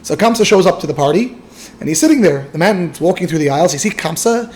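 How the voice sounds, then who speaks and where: A man's voice: high voice, lively intonation, quick pace, darkish tone. Man retelling a story with many fillers. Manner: casual, lots of fillers and restarts. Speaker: Torah teacher.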